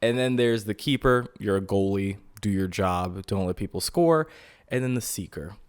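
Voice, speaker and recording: A man's voice: lowish voice, normal speed, smooth. A young man hosting a podcast, telling a rambling, profane, jokey story about himself in casual talk. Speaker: podcast host.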